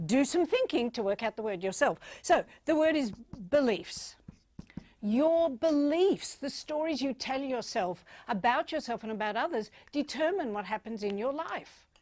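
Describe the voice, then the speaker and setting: A woman speaking as a keynote speaker, giving a playful, animated motivational talk and acting out little voices. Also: a little high, no echo.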